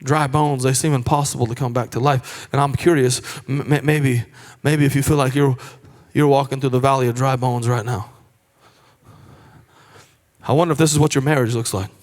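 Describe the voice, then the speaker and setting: A male pastor preaching a sermon in a conversational style, moving between hushed and raised delivery. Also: medium pitch, steady tone, moderate pace, in a large hall. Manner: conversational asides and restarts.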